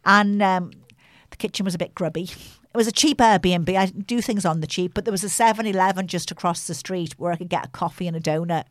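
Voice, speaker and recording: A woman's voice: fairly low pitch, a little fast, hardly any pauses, dry recording. A woman in her sixties with a Liverpool accent, chatting casually and rambling through a story. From England. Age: 60s. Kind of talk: casual chat.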